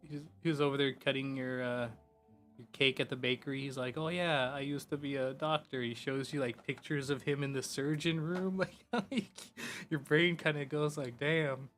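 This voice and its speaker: A man streaming a game, chatting casually and loosely, swearing and filling every pause with "like" and "you know". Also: mid-range voice, fairly bright tone. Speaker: gaming streamer. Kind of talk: casual rambling chat.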